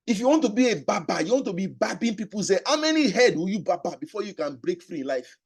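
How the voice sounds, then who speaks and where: A man's voice: high-pitched, very animated, fast, few pauses, slightly rough. A man giving a motivational sales training talk, emphatic, repeating key phrases and asking rhetorical questions. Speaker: sales and business coach.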